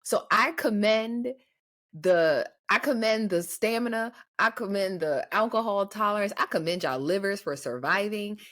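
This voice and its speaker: A woman's voice: medium pitch, normal speed, fairly bright tone. A woman co-hosting a casual chat podcast, blunt and emphatic and swearing for emphasis. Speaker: podcast co-host.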